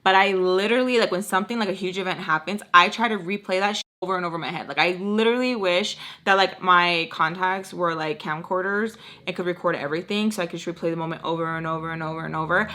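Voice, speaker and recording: A young woman telling a story to her vlog audience in an animated, chatty way, swearing freely and saying "like" constantly. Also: lowish voice, fast, hardly any pauses. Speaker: vlogger.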